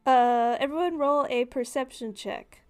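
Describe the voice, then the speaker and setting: A woman's voice: sits high, unhurried, a little mellow, clean tone, soft background music. A woman running a tabletop game as game master, narrating casually with many fillers.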